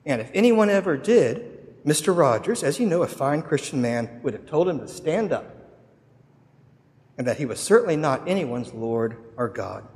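Preacher in an echoing hall. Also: male voice, fairly high pitch, very animated, normal speed, a little mellow. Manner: dramatic storytelling with acted quotes. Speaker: pastor. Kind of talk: sermon.

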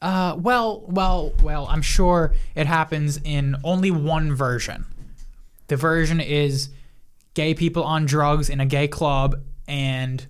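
A man's voice: a little high, fairly even intonation, slow, clean tone. Male co-host, casual podcast chat, opinionated and blunt. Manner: opinionated, offers blunt takes.

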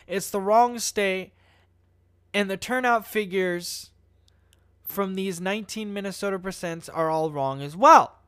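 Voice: mid-range voice, a bit bright, clear, resonant tone, dry recording, studio quality. Commentator reading news aloud. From United States. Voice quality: swearing, laughs at own jokes, easily loses composure. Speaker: online commentator.

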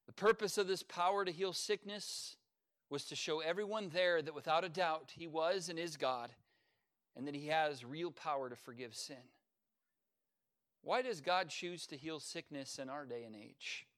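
A man preaching a sermon as pastor, earnest, with sudden swells in loudness. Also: fairly high pitch, normal speed. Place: church service.

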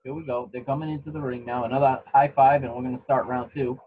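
A man co-hosting a podcast, giving relaxed play-by-play of a fight with restarts and chuckles. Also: medium pitch, quick pace, phone-quality sound. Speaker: podcast co-host commentating a fight. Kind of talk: casual live fight commentary. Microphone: home microphone.

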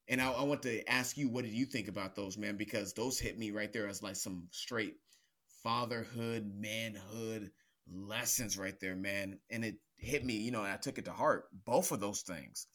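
A man's voice: fairly low pitch, normal speed, fairly bright tone. A man hosting a casual podcast chat, earnest and a little preachy, calling his guest bro and man. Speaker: podcast host. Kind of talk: casual faith-based chat.

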